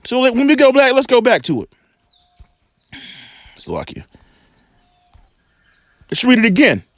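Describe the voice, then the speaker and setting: Animated high-voiced man reading scripture. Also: no room sound. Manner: slow deliberate reading, casual asides. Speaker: scripture teacher.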